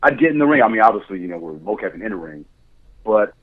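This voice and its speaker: A man's voice: fairly low pitch, big pitch swings, fast talker, vocal fry. A man guest chatting candidly on a podcast, telling stories with frequent laughs. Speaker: guest, motion capture director. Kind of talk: casual podcast chat. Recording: tinny phone-like line.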